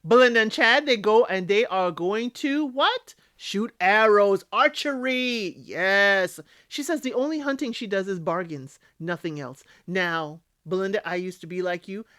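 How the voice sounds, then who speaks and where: A woman's voice: mid-range voice, a little slow, few pauses, fairly bright tone, no room sound, clean studio sound. A woman hosting a casual recap of a reality TV show. She talks emphatically, scolds the people on the show directly and often tags her points with "okay?". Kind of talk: casual spoken recap and commentary.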